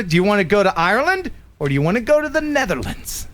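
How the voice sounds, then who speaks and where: Animated, joking male stream host. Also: sits high, fairly quick, a little hiss or hum. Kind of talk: casual live-stream chat.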